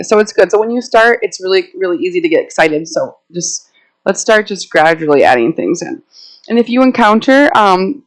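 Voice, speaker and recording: Poor audio picks up a woman herbalist with a fairly low-pitched voice, moving around an indoor meeting room during a casual talk to a live audience. She's chatty, full of stories, and laughs frequently.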